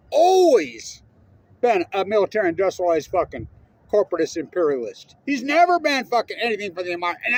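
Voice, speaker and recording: A man's voice: high-pitched, slightly rough. A middle-aged man from Utah in a heated, profane, rambling political rant. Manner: profane, rambling, heated and jumping between topics. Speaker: political ranter. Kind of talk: unscripted angry monologue.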